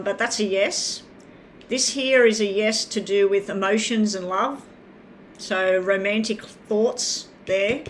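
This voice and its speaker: A woman's voice: medium pitch, a bit bright, a little hiss or hum. A woman giving live tarot readings, talking in a chatty, rambling way and addressing viewers by name. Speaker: tarot reader.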